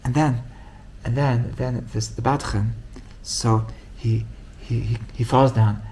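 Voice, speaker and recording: A man teaching as a rabbi, telling a story with lively acted-out quotes and frequent restarts. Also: slow pace, a little hiss or hum. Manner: animated storytelling, acts out quoted voices with big pitch jumps; many restarts and repeated words. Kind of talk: storytelling Torah class.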